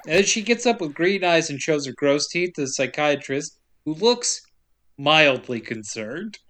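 A man's voice: a little high, animated, unhurried, fairly bright tone. Joking man recapping a movie. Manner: profane, joking, acts out characters' lines. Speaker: podcast co-host. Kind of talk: casual comedic movie recap.

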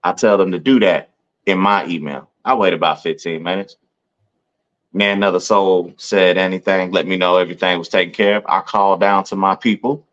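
A man with a very low voice tells a story on a podcast in loose, casual chat. He keeps checking in with his listener and jumps into higher voices to quote other people. The sound is dull and lo-fi. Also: normal speed. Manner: animated, acts out quoted voices in a higher pitch; peppers talk with "you know what I'm saying". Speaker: podcast co-host.

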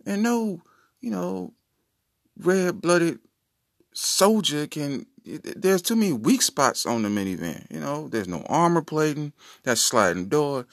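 A man's voice: a little high, lively intonation, unhurried, no room sound. Guy rambling on his podcast, jokey and playful, voice bouncing all over, dry close sound. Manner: playful, joking storyteller. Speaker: podcast host. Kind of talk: casual comedic monologue.

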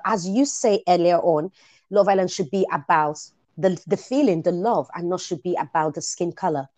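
A woman hosting a casual talk show, animated and quick to laugh, often repeating words as she gets going. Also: on the low side. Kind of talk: casual chat.

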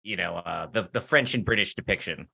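A man's voice: low voice, fairly quick, vocal fry, bright, forceful tone, slightly rough. A man chatting on a comedy podcast, rambling with many hesitations. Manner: rambling, full of fillers and restarts. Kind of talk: casual comedy podcast chat.

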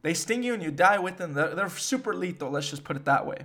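A man's voice: high-pitched, animated, fast, bright, forceful tone. A young man hosting a podcast, rambling in casual, slangy chat full of swearing. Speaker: podcast host.

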